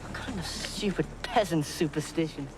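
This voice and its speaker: A man's voice: fairly high pitch, moderate pace, noisy background, natural voice. A young actor playing a cruel, spoiled teenage boy king who talks in a sneering, mocking way, heard in a TV drama clip.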